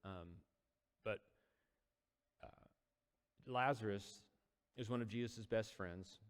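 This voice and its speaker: A man's voice: lowish voice, slow pace, smooth, long reverb tail. A man casually retelling a Bible story as a teacher, conversational with quoted dialogue. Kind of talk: casual Bible study talk.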